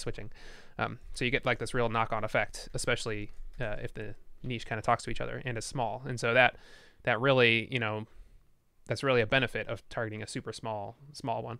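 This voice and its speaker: A man explains an idea in a casual podcast chat, talking fast. His voice is bright and crisp, and the recording is dry. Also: mid-range voice, dry recording. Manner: quick explanatory talk with fillers and restarts.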